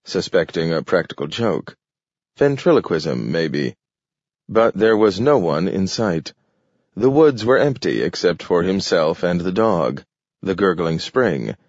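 A man reads an audiobook in a slow, measured, deliberate way, with a slightly low voice that rises and falls a lot. The recording is dull and lo-fi and completely dry. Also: no echo. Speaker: audiobook narrator. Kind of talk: scripted audiobook narration.

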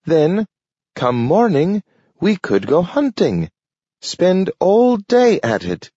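Guy doing a happy talking dog, way up high, careful halting words, kinda dull lo-fi audiobook sound. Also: huge pitch swings, warm tone, slightly rough, no echo, exaggerated voice. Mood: friendly. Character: friendly talking male dog, cheerful and eager. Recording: dull lo-fi recording.

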